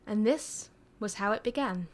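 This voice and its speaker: A woman reading a story aloud in a calm, soft manner, sometimes dropping to a near whisper. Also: mid-range voice, normal speed. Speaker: reader. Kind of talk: reading fan fiction aloud.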